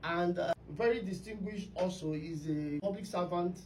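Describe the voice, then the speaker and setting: A woman's voice: on the low side, normal speed, darkish tone. A woman hosting a radio talk show, telling stories emphatically. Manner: storytelling, emphatic. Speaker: radio host. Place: radio studio. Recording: distant mic with faint noise.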